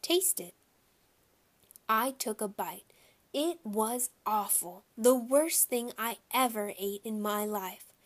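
A woman's voice: a little high, slow. Woman reading a children's book aloud. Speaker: reader.

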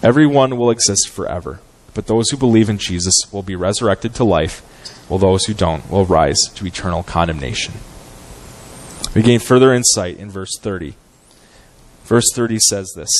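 A man with a fairly low voice preaches a sermon. His delivery is earnest and measured, and he often pauses on fillers as he works through scripture. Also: darkish tone, poor audio. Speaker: guest preacher. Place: church sanctuary.

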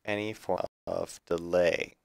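A man's voice: deep voice, level tone, slow pace, gravelly, no echo, studio quality. A man streaming a building game live, thinking aloud in a chatty, self-correcting way. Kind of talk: live gameplay commentary.

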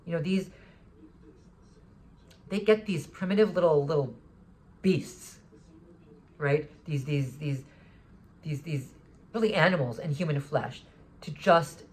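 A vlogger talking in an agitated, rambling monologue, often restarting sentences and swearing. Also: mid-range voice. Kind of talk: monologue recounting an encounter.

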